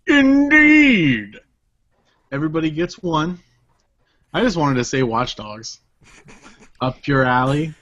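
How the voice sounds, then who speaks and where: A man's voice: a little high, unhurried, long pauses, fairly bright tone. Easygoing co-host, muffled line, man. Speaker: podcast co-host. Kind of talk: casual banter among friends.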